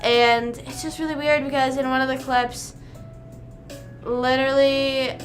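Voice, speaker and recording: A woman's voice: sits high, level tone, a little slow, soft background music. A young woman livestreaming, rambling casually with lots of "like" fillers as she chats to her viewers. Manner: rambling, chatty, full of "like" fillers.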